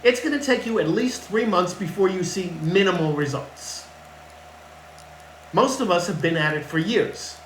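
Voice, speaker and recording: Blunt male fitness coach who hammers home his points, a little higher-pitched, recorded in a roomy space. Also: lively intonation, normal speed, fairly bright tone, slight background noise. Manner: blunt, emphatic, repeats key points. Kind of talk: casual advice talk to camera. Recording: echoey room with faint ambience.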